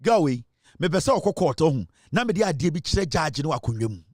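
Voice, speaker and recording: Ghanaian man, angry online rant, higher voice, dry close sound, scornful mix of English and Twi. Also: big pitch swings, brisk, darkish tone, no echo. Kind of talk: angry social media rant.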